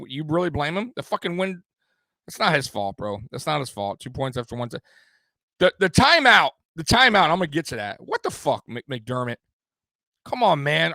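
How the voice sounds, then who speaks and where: A man's voice: on the high side, pushed and bright, no echo. A man hosting a live sports stream, ranting in a heated, profane way and repeating himself as he vents. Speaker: sports livestream host. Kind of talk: angry live postgame rant.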